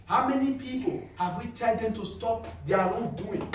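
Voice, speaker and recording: A man preaching a sermon as pastor, moving from quiet talk to fervent shouting. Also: very high voice, normal speed, background noise. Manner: impassioned, swings from quiet to shouting. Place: church hall. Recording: echoey hall, mic far off, faint music.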